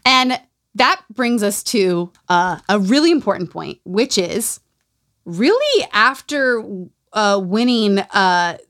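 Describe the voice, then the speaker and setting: A woman hosts a casual podcast and talks in a relaxed, conversational way with wry asides. Her voice sits at a medium pitch. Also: slow pace. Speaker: podcast host. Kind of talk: casual chat.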